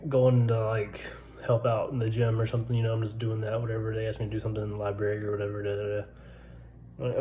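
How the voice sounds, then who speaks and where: A man's voice: on the low side, flat delivery, fast talker, mellow, slight background noise, rough recording. A man in his twenties who stutters, telling his own story in a laid-back, casual way with lots of fillers, recorded in a barracks room. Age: 20s. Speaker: vlogger.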